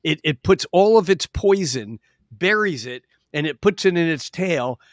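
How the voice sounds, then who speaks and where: A man's voice: a little high, animated, unhurried, dry recording, clean studio sound. A man appearing as an astrologer guest on a podcast, explaining at length in an expansive storytelling way, with frequent restarts. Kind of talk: casual podcast chat. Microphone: podcast microphone.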